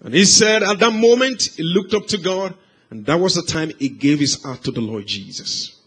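A man preaching, telling a life story as a sermon, swinging from hushed, slow passages to loud, raised cries. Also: high-pitched, expressive, slightly rough. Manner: dramatic swings from hushed to shouted.

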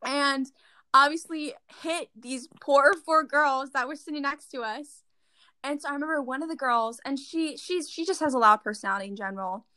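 Teen girl, chatty storyteller, bright and close-miked. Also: high-pitched, normal speed, dry recording. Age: teens. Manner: chatty, fillers like "like", animated retelling. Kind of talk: casual chat.

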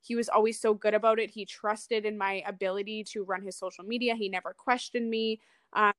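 A young woman co-hosting a podcast speaks in an easy, conversational way. She backs up her co-host with short reactions. Her voice is mid-pitched and the recording is dry and close. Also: steady tone, fairly quick, a bit bright, dry recording. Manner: supportive, chimes in with short reactions. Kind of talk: casual chat.

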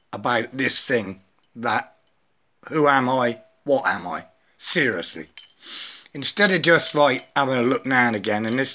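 A man's voice: fairly high pitch, bright, forceful tone. A man rambling through a spiritual monologue into a phone, chanting wordless syllables and tagging his sentences with "yeah?", often stammering and repeating words.

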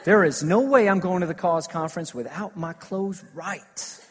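A man preaching a sermon, telling stories with lively emphasis that swings between loud declarations and hushed asides. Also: high-pitched, moderate pace, background noise. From United States. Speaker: pastor. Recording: long hall reverb.

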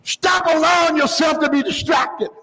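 A pastor voicing God as a commanding, reassuring male presence in a sermon, shouting his words. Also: extremely high pitch, fairly even intonation, normal speed, voice pushed up, rough recording.

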